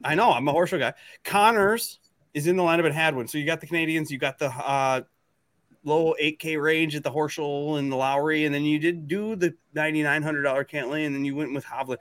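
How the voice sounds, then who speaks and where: Male podcast host, higher pitch, playful and teasing, rambling. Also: fairly even intonation, fairly quick, fairly bright tone. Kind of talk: casual banter.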